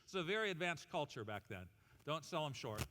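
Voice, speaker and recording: Man preaching, playful, rallies the crowd, high-pitched, echoing church hall. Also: a little fast. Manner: animated, humorous, leads congregation in call-and-response. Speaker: pastor. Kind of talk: sermon. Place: church auditorium.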